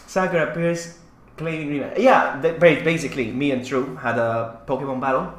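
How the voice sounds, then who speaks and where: A man's voice: a little high, steady tone, fairly quick. A man from Malta hosting a live stream in casual chat, laughing often and rambling through his sentences. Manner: giggly, rambling, jokey. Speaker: streamer host. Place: home streaming setup, indoors. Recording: roomy room with music behind.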